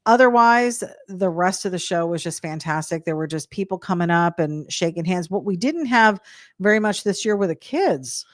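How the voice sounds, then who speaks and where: A woman's voice: on the low side, lively intonation, moderate pace, no echo, clean studio sound. A woman co-hosting a casual chat, upbeat and encouraging. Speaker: co-host.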